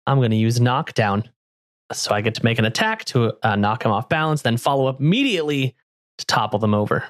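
A man's voice: medium pitch, big pitch swings, quick pace, no echo, studio quality. A man playing a tabletop game, describing his character's moves with gusto. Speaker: player. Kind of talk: casual tabletop game play.

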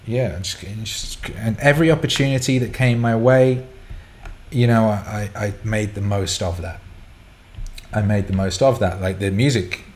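A man's voice: fairly low pitch, darkish tone. A middle-aged man hosting a casual chat show, answering listener questions in a candid, rambling storytelling way with repeated words.

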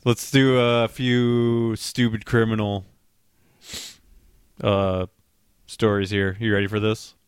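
A man's voice: on the low side, level tone, takes it slowly, pauses often, clean tone, no room sound, clean studio sound. A man co-hosting a casual podcast, reading odd news stories aloud, stumbling over words and cursing at his own slips.

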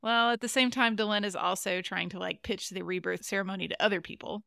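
A woman's voice: mid-range voice, steady tone, quick pace, vocal fry, sharp tone, clean tone, dry recording, clean studio sound. A woman co-hosting a podcast, recapping an episode in casual chat and giggling often. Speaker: podcast co-host.

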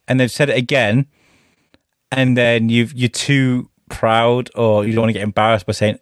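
A man hosting a podcast, telling stories in a lively, laughing, swearing way. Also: mid-range voice, moderate pace, no room sound, clean studio sound. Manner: animated, swearing storyteller who laughs often. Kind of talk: casual chat.

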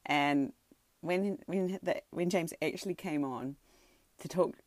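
Low-voiced woman telling an excited story. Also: slow, no room sound. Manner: excited, animated, with many fillers and restarts. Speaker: podcaster sharing a personal story. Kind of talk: casual personal storytelling. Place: home, sitting on a tatami floor.

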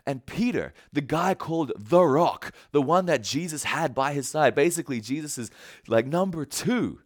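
A man's voice: fairly high pitch, lively intonation, moderate pace, dry recording, studio quality. A man preaching a casual sermon, retelling a story and acting out the characters' lines in a conversational way. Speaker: pastor.

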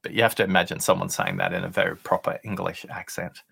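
Deep, gravelly man telling a story. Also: little pitch movement, a bit bright. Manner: deliberate, anecdotal, pauses for effect. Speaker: podcast guest, listening expert. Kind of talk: conversational storytelling interview.

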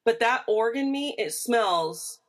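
A woman's voice: a little high, lively intonation, slow, fairly bright tone. A woman with a Midwestern American accent, co-hosting a podcast in casual chat, chatty and prone to side notes. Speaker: podcast co-host.

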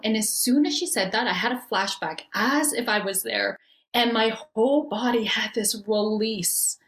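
A woman in her forties from Canada, telling her story as a podcast guest in a bubbly, animated way and laughing often. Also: mid-range voice, moderate pace. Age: 40s. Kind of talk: storytelling in conversation. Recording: roomy echo.

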